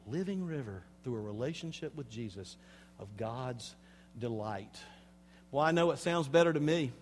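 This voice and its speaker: A man's voice: medium pitch, a little hiss or hum. Man preaching in a reverberant hall. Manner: swings between hushed, slow passages and loud, emphatic preaching; addresses the congregation directly with rhetorical questions. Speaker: pastor. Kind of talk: sermon.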